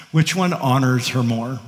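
A man preaching a sermon to his congregation, talking in a playful, conversational way and chuckling between points. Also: mid-range voice. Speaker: pastor. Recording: long reverb of a large hall.

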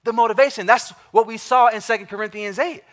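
High-voiced preaching man. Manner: emphatic, repeats key phrases, slows down for stress; speaks directly to the congregation with questions. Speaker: pastor. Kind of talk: sermon.

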